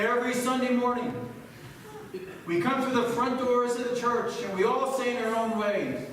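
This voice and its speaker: A man preaches from the pulpit, swinging between quiet storytelling and emphatic pleas. His voice sits fairly high. He is caught from a distance in a church sanctuary, with long echoes and a faint hiss underneath. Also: normal speed. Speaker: pastor. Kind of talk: sermon. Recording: echoey church hall from far off.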